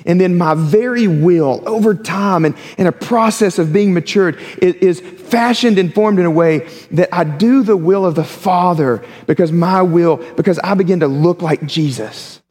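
A male pastor preaching a sermon in a lively, conversational way, with humorous asides. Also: high-pitched, normal speed, few pauses. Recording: long hall reverb.

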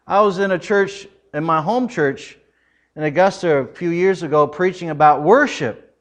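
A middle-aged man preaching a sermon, telling family stories in an animated way with frequent laughs. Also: fairly high pitch, moderate pace. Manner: animated, laughing often, loud acted quotes. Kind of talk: humorous storytelling sermon.

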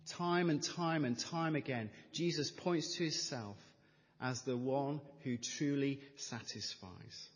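A middle-aged man preaching a sermon as pastor, measured and emphatic, building with repeated phrases. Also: medium pitch. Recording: reverberant church hall.

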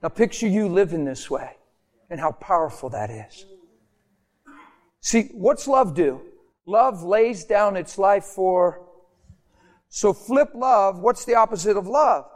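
A man's voice: high voice, animated, slow pace, long pauses. A man preaching a sermon with passion, talking straight to his congregation and asking them questions. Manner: passionate, swings from shouting to near whisper; talks to congregation directly, asks questions. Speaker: pastor.

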